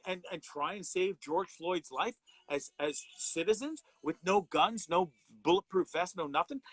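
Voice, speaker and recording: A man hosting a live talk show speaks with raw anger, cursing freely and tripping over repeated words as he pushes his point. His voice sits a little high for a man. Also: lively intonation, moderate pace, slightly rough, no room sound, low-quality recording. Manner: angry, profane, repeats and restarts words. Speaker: host of a live wellness show. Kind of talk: impassioned live commentary.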